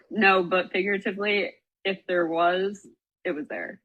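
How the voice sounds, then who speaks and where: Husky young woman telling a story. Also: medium pitch, a little slow, phone-quality sound. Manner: animated, swearing, acts out quoted voices, frequent "like". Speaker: guest, former college soccer player. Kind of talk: casual podcast storytelling.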